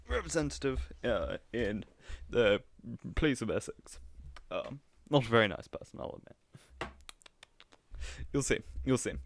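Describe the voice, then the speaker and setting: A man live-streaming casual reaction commentary, chatty and mocking, often laughing at what he watches. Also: mid-range voice.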